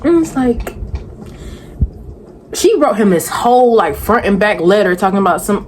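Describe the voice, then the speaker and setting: A woman's voice: mid-range voice, big pitch swings, normal speed, long pauses, darkish tone, slight background noise. Sassy young woman vlogger. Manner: sassy, rambling, exasperated asides. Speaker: vlogger reviewing a reality show. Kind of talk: casual chatty recap.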